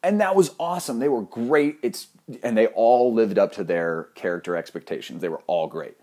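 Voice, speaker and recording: A young man telling a funny personal anecdote in an animated, profane, self-mocking way. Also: fairly low pitch, moderate pace. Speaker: storyteller.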